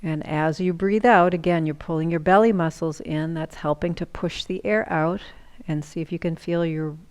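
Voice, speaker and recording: Calm woman guiding breathing, lowish voice. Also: clean tone. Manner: calm, slow, soothing cues with some whispered lines. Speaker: yoga instructor. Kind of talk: guided breathing instruction.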